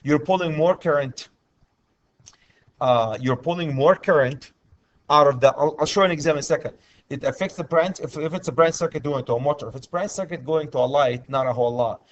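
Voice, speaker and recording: Speaking fairly quickly in a voice on the high side, an electrical instructor teaches a class, repeating himself and often pausing to ask students whether they have questions. The highs in the recording are cut off.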